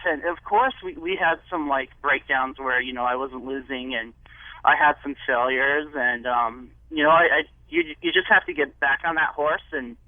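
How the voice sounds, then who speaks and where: A man calling in as a guest, talking in a halting, hesitant way with lots of restarts. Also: medium pitch, dry recording. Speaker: phone-in guest. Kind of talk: telephone interview. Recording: tinny phone line.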